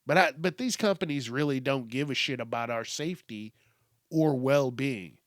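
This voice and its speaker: A man's voice: medium pitch, normal speed, dry recording, clean studio sound. A man hosting his own podcast, rambling casually and profanely, amused at himself. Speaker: podcast host. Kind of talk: casual solo rant.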